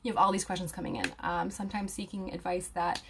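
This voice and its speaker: This aromatherapy student and live-stream host is a young woman whose voice sits on the low side, flat and fast, creaky and slightly bright. She chats casually, reads viewers' comments aloud, and laughs and uses fillers often, with a faint hiss or hum on the recording.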